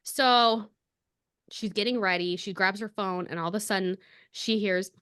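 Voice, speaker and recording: A woman's voice: medium pitch, normal speed, fairly bright tone, smooth. A woman co-hosting a podcast, animatedly retelling a story with frequent laughs and fillers. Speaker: podcast co-host. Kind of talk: casual chat retelling a story.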